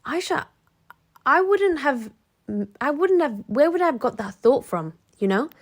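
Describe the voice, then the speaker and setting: A woman's voice: high voice, sing-song, a little slow, pitched above the performer's own voice. A woman voicing an unsure young woman who doubts her own memory, hesitant and questioning. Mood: insistent.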